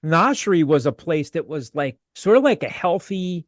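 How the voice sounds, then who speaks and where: A man's voice: a little high, big pitch swings, normal speed, dry recording, clean studio sound. A man hosting a casual podcast chat, reading out listener posts and bantering with his co-hosts. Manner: reads listener posts aloud, chatty. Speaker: podcast host.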